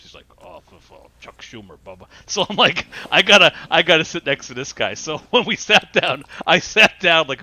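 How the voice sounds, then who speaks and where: A man chats as a podcast host, his voice bright and a bit higher than most. He tells stories with plenty of energy, laughs often and restarts his sentences as he goes. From New York. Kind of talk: casual chat.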